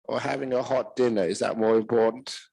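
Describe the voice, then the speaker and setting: An older British monk delivers a relaxed Dharma talk full of funny stories, chuckling at his own jokes. His medium-pitched voice moves briskly, with vocal fry and a slightly rough texture, in a rough recording with no echo.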